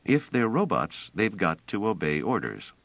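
A man's voice: fairly low pitch, wildly swooping pitch, moderate pace, gravelly, no echo, dull audio, voice pushed up, exaggerated voice. A man voicing a weary, decisive male leader who gives terse, firm commands in an audiobook.

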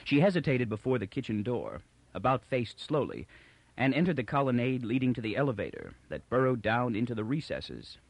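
A man narrating a novel in a measured, expressive way. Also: medium pitch, gravelly, no room sound. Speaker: audiobook narrator. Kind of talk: scripted narration.

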